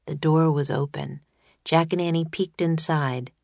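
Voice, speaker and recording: Low-voiced woman narrating a storybook. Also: vocal fry, no room sound. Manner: steady, measured reading. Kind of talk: audiobook narration.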